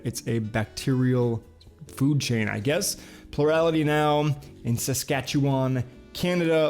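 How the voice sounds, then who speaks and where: A man's voice: mid-range voice, darkish tone. A man hosting a casual video show, reading headlines and chatting with lots of filler uhs. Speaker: host.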